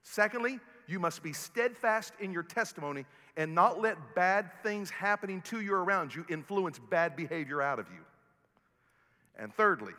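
High, bright-voiced pastor preaching in a hall. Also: male voice. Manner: builds to loud preaching peaks, then drops low and soft. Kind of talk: sermon. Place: church sanctuary. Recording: long hall reverb, faint music.

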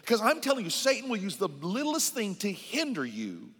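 Male pastor, sermon; lively, emphatic, higher-pitched preacher with long church-hall reverb. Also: normal speed, husky.

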